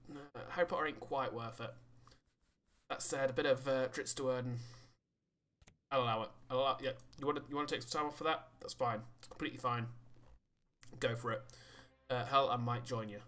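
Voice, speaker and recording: A man streaming a game, rambling and joking while he reads the game text aloud, with sudden high-pitched exclamations. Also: brisk, a bit bright. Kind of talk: casual let's-play commentary.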